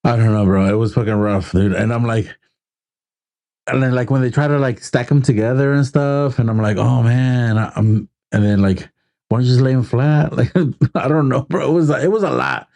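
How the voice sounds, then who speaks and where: A young man co-hosting a casual podcast, relaxed and profane, often calling his friend bro. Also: mid-range voice, normal speed, creaky. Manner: laid-back, profane, says bro a lot. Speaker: podcast co-host. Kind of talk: casual banter.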